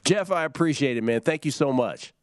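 A man's voice: medium pitch, animated, a little fast, no room sound, studio quality. A man hosting a sports betting show, upbeat and steering the segment. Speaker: host.

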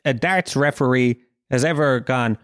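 A young Irish man rattles through a comic podcast monologue, swearing freely and wandering from joke to joke. His voice sits at an ordinary middle pitch, recorded close and dry with no room sound. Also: unhurried, no echo. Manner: rambling, profane, jokey storytelling. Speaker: podcast host.

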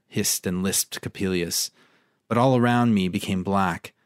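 A man reading a story passage aloud and discussing it in a measured way. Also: low-pitched, clear, resonant tone, no echo, clean studio sound.

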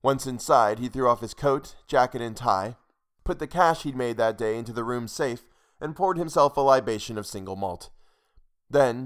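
A man narrating a short story for a podcast, steady and measured. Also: medium pitch. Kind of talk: scripted fiction narration.

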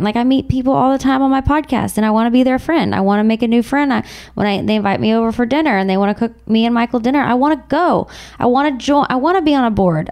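A woman's voice: mid-range voice, darkish tone. Rambling, heartfelt woman talking to camera. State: tearful. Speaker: podcast host. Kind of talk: emotional personal monologue.

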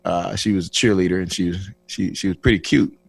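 Husky-voiced older man telling his story. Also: low voice, brisk, no room sound. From Flint, Michigan. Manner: animated, acts out dialogue with restarts. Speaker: guest. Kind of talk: personal testimony storytelling.

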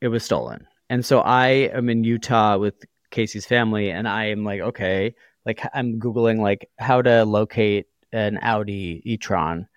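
A man's voice: fairly low pitch, moderate pace, hardly any pauses, clean tone, dry recording, dull audio. Wry man podcast co-host. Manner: wry, dramatic storyteller acting out phone calls. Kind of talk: casual chat and show outro.

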